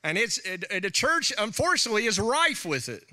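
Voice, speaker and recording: Man, pastor, sermon, high voice, bright tone, animated, laughing asides, middle-aged. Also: fairly quick.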